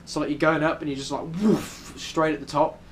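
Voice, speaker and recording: This young British vlogger talks fast in a high-leaning, flat voice with a fairly bright tone, rambling chattily with lots of ums. He's filming in a New York City hotel room amid slight background noise.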